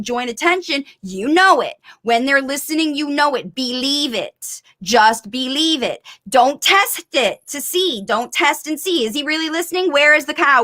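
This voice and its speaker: Energetic middle-aged female speech therapist, live Q&A coach, bright and punchy, rapid delivery with emphatic repeats. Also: on the high side. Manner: fast, energetic, emphatic repetition. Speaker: speech-language pathologist coaching parents.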